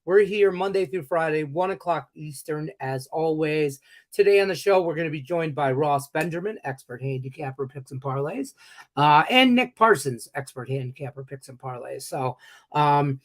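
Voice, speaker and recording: A man's voice: fairly high pitch, expressive, normal speed. Joking sports betting show host, man. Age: 40s. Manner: upbeat, joking, rambling asides. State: has the hiccups. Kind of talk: casual live show hosting.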